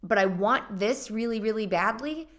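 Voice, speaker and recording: A woman's voice: fairly high pitch, normal speed, a bit bright. A young woman co-hosting a candid chat, thinking aloud and asking probing questions. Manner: reflective, probing questions, many restarts. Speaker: co-host.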